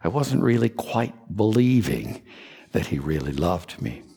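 A man from Kentucky preaching a sermon, telling a personal story in an earnest, confessional way with soft asides. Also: low-pitched, sing-song, measured pace, vocal fry, husky, big-room sound. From Kentucky, USA.

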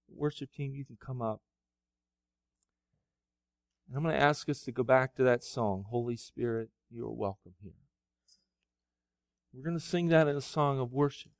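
A pastor preaching a sermon, moving from quiet, low retelling to loud, soaring exhortation. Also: male voice, moderate pace, vocal fry, long pauses, no room sound, studio quality. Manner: swings from soft, low storytelling to loud, high-pitched preaching.

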